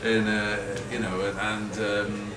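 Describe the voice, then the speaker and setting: A middle-aged guest speaker with a Liverpool accent, from Liverpool, England, talks slowly in a lowish, level voice, telling rambling, self-mocking stories to a live audience in an event hall. He's chatty, acts out quotes and laughs often, recorded in an echoey hall from a far-off mic with background noise.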